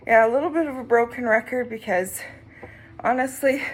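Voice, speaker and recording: A woman sharing her recovery in a casual vlog, short of breath as she rides an exercise bike, speaking reflectively with pauses. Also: on the high side, breathy edge. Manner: slow, reflective, with pauses and soft laughs.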